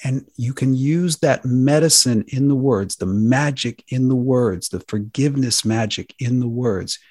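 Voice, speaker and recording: A man hosting a talk show, speaking earnestly and with drawn-out emphasis. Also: medium pitch, a little mellow, no echo, studio quality. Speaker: host.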